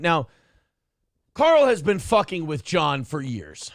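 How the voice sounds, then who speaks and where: Man, talk show host, gravelly voice, fairly high pitch, dry close sound, blunt and ranting. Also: wildly swooping pitch, slow pace, no room sound. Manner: blunt, ranting, mocks others with put-on voices. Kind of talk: casual profane commentary.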